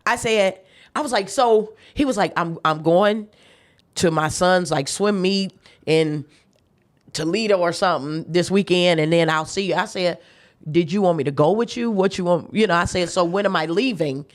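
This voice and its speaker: A woman's voice: lowish voice, normal speed. A woman, a guest chef, telling a personal story in a casual interview, laughing often and acting out the voices of the people she quotes. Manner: faith-filled, emphatic retelling.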